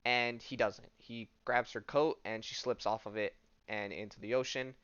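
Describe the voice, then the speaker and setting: A podcast host retelling a comic story casually, with lots of fillers and offhand asides. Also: male voice, medium pitch, steady tone, moderate pace, fairly bright tone, clear, resonant tone, highs cut off.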